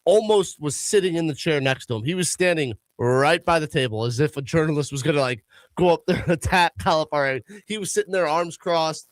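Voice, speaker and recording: A man's voice: on the high side, a little fast, dry recording. A man co-hosting a sports talk show, telling stories and asking the others pointed questions. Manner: chatty storyteller who asks pointed questions.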